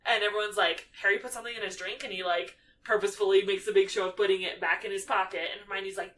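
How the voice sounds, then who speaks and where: A woman co-hosting a podcast, casually recapping a movie and acting out the characters' lines in lively voices. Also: mid-range voice, fast, few pauses, distant mic, poor audio. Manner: animated, acts out quotes in character voices. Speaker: podcast co-host.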